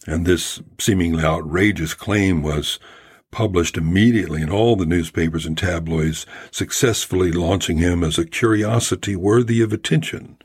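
A male podcast host narrating a scripted story in a wry, conversational way. His voice is low and very breathy. The sound is close and dry. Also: no echo.

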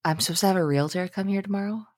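A young woman co-hosting a podcast, chatting casually and telling animated stories about her day. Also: mid-range voice, rapid-fire, no echo, clean studio sound. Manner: chatty, animated storytelling with frequent laughs. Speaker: podcast co-host. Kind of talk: casual chat.

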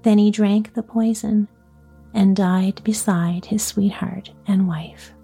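A woman reading a storybook tale aloud in a soft, often whispery voice. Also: mid-range voice, flat delivery, takes it slowly, vocal fry, husky, soft background music. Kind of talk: scripted storybook narration.

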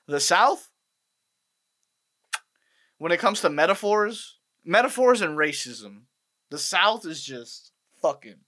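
A man's voice: a little high, lively intonation, slow pace, long pauses, sharp tone. A young man ranting with profanity, rambling and sarcastic, in a casual comic monologue. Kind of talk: profane comedic rant.

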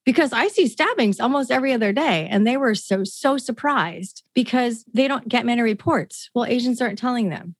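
A woman's voice: on the high side, expressive, no room sound. A woman from the Seattle area, speaking earnestly and emphatically as an activist guest in an interview. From Seattle area, United States. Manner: earnest, emphatic, fast-flowing. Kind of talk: conversational interview.

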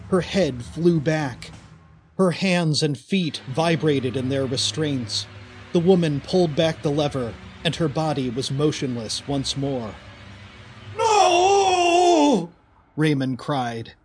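A man narrating a horror story in a slow, deliberate, dramatic way. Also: fairly high pitch.

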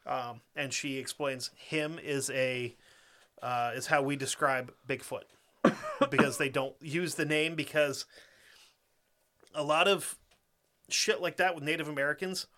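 Bright-voiced profane ranting man. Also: a little high. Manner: profane, rants fast and laughs a lot. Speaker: podcast co-host. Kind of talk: casual podcast chat and story reading.

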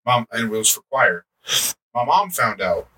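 Bright, rambling man on a podcast. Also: medium pitch, moderate pace, slightly rough. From United States. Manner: animated storyteller, rambling with many fillers. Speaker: podcast co-host. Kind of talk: casual chat. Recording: distant mic, faint background noise.

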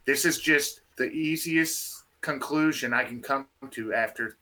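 A man telling a field story in a casual, animated way, restarting his sentences often. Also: mid-range voice, a little slow. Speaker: field researcher guest.

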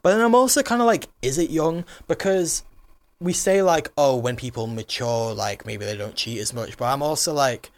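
A man's voice: medium pitch, expressive, moderate pace, dry recording. Rambling young man, chatty. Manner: rambling, heavy use of "like". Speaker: podcast co-host. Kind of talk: casual chat.

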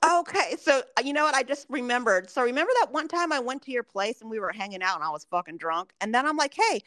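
A woman's voice: a little high, animated, fast talker, fairly bright tone, no echo. A woman in her forties from Southern California, co-hosting a podcast and telling candid, profane stories in casual chat. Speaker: podcast co-host.

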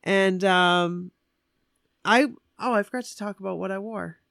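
A woman excitedly recounting a concert to a friend in casual chat, gushing and animated. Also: mid-range voice, measured pace, creaky, no echo, clean studio sound. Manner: animated, gushing fan storytelling.

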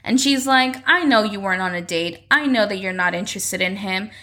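A woman casually recapping a soap opera, animatedly acting out the characters' lines in quick voices. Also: mid-range voice, pushed and bright. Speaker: recap commentator.

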